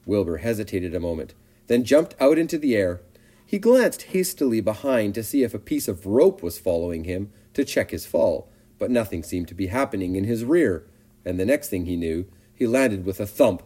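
A man reads a storybook aloud with expressive, animated narration. His voice is low and mellow. His pitch moves widely to bring the scenes to life. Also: normal speed.

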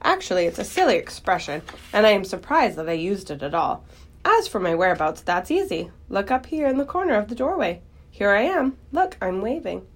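A woman voicing a kindly, clever female spider who talks in a gentle, precise, matter-of-fact way in a storybook reading. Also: medium pitch, big pitch swings, brisk.

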